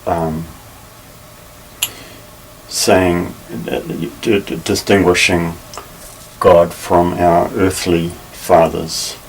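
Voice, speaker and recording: A man teaching a Bible lesson, measured and careful, pausing often with fillers as he explains. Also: low-pitched, little pitch movement. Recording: slightly distant mic with faint ambient noise.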